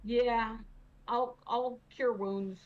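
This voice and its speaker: A woman playing a tabletop game, speaking calmly and reassuringly. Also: fairly high pitch, extremely slow. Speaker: player. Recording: dull lo-fi mic.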